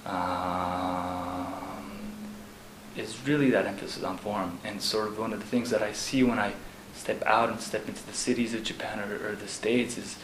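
A man, a Zen monk, talking casually about monastery life, halting with fillers and laughing as he tells stories. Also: lowish voice, flat delivery, fairly bright tone. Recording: echoey room with background noise.

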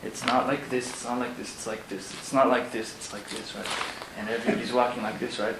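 A man, a Zen monk, talking casually about monastery life, halting with fillers and laughing as he tells stories. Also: mid-range voice, level tone. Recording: echoey room with background noise.

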